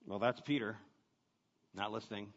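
A man's voice: fairly low pitch, normal speed. A man preaching a sermon in a conversational, emphatic way, asking his listeners questions. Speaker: pastor. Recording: dull lo-fi sound with long reverb.

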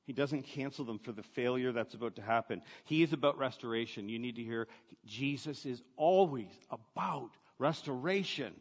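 A pastor with a medium-pitched, breathy-edged voice preaches a sermon at a moderate pace, speaking conversationally and emphatically and asking his listeners questions. The recording sounds dull and lo-fi, with long reverb.

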